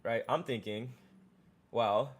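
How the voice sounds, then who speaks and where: A man streaming live, chatting casually and excitedly, often repeating and restarting his words. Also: medium pitch, takes it slowly, breathy edge.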